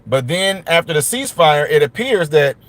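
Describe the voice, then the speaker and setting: Man, high voice, chatty ranting live-stream host; close, dry sound. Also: very animated, normal speed, a bit bright, dry recording. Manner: chatty, addresses viewers directly, rants animatedly. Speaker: commentator and channel host. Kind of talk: casual live-stream news commentary.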